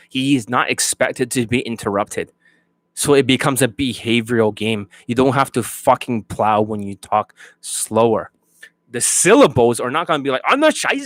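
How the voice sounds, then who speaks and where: A man's voice: medium pitch, fairly bright tone, no room sound. Blunt, profane male dating coach. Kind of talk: coaching rant.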